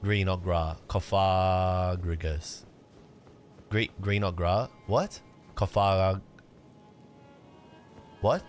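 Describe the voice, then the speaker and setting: A man's voice: low-pitched, slow pace, pauses often, faint music behind. A young man chatting casually on a livestream while gaming, laid-back and rambling, cursing now and then. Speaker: streamer.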